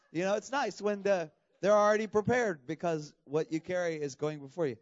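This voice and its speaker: A man preaching a lively sermon to students, with laughs and sudden shouting bursts. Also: high voice, brisk, dry recording, lo-fi sound. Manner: animated, laughing, bursts into loud shouts when imitating. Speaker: pastor.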